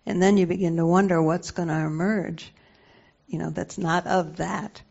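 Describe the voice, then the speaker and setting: A soft-spoken woman guides a reflective group conversation, her low voice carrying a gravelly fry. She hesitates and searches for words as she thinks aloud. The recording is muffled and lo-fi. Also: steady tone, moderate pace. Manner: thoughtful, hesitant with many fillers. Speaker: group facilitator.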